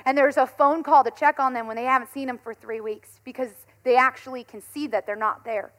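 A woman in her thirties, a pastor giving a conversational sermon, telling stories in an animated way and laughing often. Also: high voice, a little fast.

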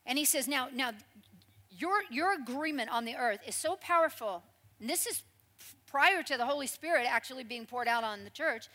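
A woman preaching a sermon in a lively, conversational storytelling way, with frequent asides to the congregation. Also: sits high, moderate pace.

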